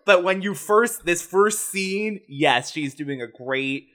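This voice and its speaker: A man's voice: high voice, lively intonation, slow, fairly bright tone. A man co-hosting a podcast, talking casually about a film with wry rhetorical questions. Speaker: podcast co-host.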